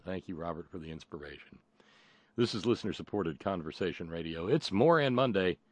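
Talk radio host, male, low voice, sardonic rambling, dry studio sound. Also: lively intonation, a little fast, no echo. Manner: rambling, sardonic, stammering restarts.

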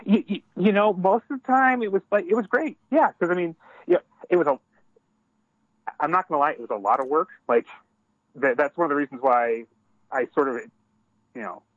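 A man's voice: a little high, a little fast, long pauses, no room sound. A man calling in as a guest, talking casually and hesitantly with many "likes" and "you knows". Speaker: phone-in guest. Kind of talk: phone interview. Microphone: telephone. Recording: dull phone line.

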